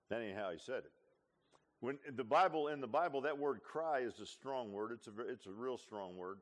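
A man preaching a sermon in a folksy, conversational way, his voice climbing to shouts and then dropping to a hush. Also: mid-range voice, expressive, moderate pace. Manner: folksy, swings from hollering to hushed. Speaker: pastor. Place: church.

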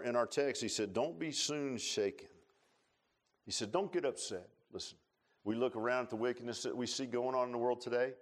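A man preaching a sermon in a church, telling stories in a folksy way and swinging between loud rises and quiet low passages. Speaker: pastor. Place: church sanctuary.

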